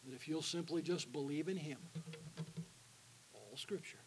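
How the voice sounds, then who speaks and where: A man preaching an evangelistic sermon in a church, calling out to the congregation for responses and dropping to a hushed voice for the invitation. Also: on the high side, a little slow, slight background noise, rough recording. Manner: call-and-response with the congregation, alternating loud and hushed. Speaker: guest preacher. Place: church sanctuary.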